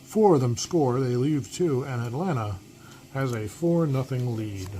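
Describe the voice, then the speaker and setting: A man's voice: mid-range voice, animated, measured pace, warm tone, rough recording. A man giving broadcaster-style play-by-play of a tabletop baseball game, with asides about his dice rolls. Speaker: replay host and play-by-play announcer. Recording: air-conditioning hum in the background.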